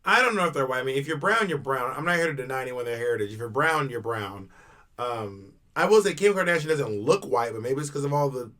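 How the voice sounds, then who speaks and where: A man's voice: mid-range voice, pushed and bright. A man co-hosting a podcast, chatting casually, musing aloud and asking questions. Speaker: podcast co-host. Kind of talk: casual chat.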